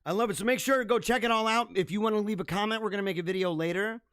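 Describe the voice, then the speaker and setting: A man hosting his own livestream show, signing off in an energetic, rambling, chatty way, his voice a little hoarse. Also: sits high, rapid-fire, no room sound, clean studio sound. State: slightly hoarse. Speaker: podcast host. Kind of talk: casual livestream sign-off.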